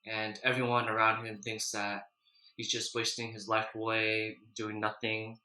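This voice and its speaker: Man, mukbang vlogger, bright voice, echoey room, rambling chat, sniffly from spicy food. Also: fairly low pitch, completely flat delivery, measured pace. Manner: chatty, loose, with frequent restarts and "you know". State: runny nose from spicy food, clearing throat. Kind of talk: casual mukbang chat and anime recap.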